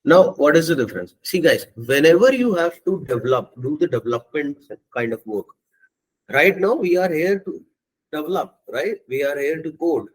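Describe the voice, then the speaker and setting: A man teaching a software testing course, walking students step by step through setting up Java and often checking in with "okay" and "right". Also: fairly high pitch, lively intonation, moderate pace, husky, low-quality recording. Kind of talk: screen-share coding tutorial.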